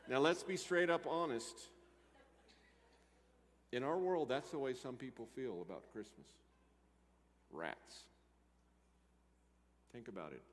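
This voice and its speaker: A man preaching a sermon, moving between loud emphatic lines and quiet asides. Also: medium pitch, animated, moderate pace, pauses often, a little hiss or hum. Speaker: pastor. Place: church sanctuary. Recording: church hall reverb.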